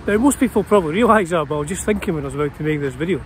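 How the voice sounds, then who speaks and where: A man's voice: on the high side, expressive, rapid-fire, a little hiss or hum. Scottish guy in his 50s, guitar channel host, chatty and wandering, lots of uhs, outdoors in a park. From Scotland. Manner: chatty and meandering, with many fillers and restarts. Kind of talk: casual rambling vlog talk. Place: small city park outdoors.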